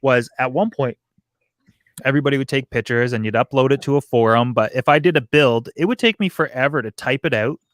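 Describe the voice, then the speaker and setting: A man's voice: medium pitch, fairly quick. A man talks casually about his hobby channel, often circling back and restarting his sentences. His voice sits in an ordinary middle range. The sound is dry and close, with no room echo. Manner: rambling, restarts sentences, animated. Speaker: aquarium YouTuber. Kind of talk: casual chat on a live stream.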